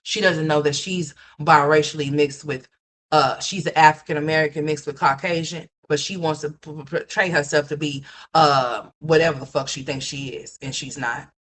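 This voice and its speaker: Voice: medium pitch, steady tone, normal speed, a bit bright. A livestream host giving ranting gossip commentary, blunt and profane, repeating points and talking straight to viewers.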